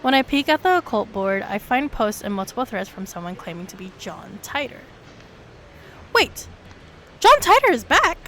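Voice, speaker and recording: A woman streamer reading a visual novel aloud, with sudden excited leaps in her voice. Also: a little fast, few pauses, a little hiss or hum. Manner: animated reading with sudden high excited jumps.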